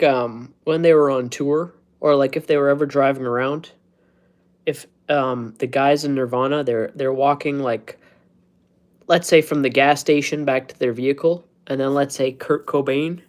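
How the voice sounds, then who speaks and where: A man's voice: medium pitch, steady tone, moderate pace. A man in his thirties chatting casually on a live stream from home, rambling, self-mocking and laughing at his own jokes. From United States. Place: at home, indoors.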